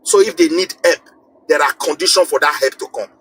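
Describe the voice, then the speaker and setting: A man's voice: a little high, a little fast, a bit bright, husky, rough recording. A man from Nigeria, calling into a live show to deliver impassioned political commentary. He talks emphatically, often repeating and restarting phrases as he builds his point. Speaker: call-in guest.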